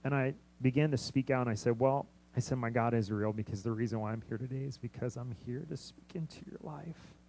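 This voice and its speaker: A young man preaches a sermon, telling a story and acting out its dialogue. His delivery swings from hushed, low passages to loud, driving emphasis. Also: fairly even intonation, fast, few pauses, slight background noise, rough recording. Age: young adult. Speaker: missionary pastor.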